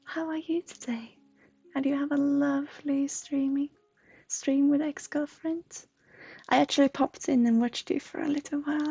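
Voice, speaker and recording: A woman from Sweden, a streamer and intuitive counselor chatting softly with viewers, often slipping into a breathy whisper. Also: sits high, fairly even intonation, moderate pace, soft background music. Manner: soft, often drifting into a breathy whisper, laughs often. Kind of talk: live stream chat with viewers.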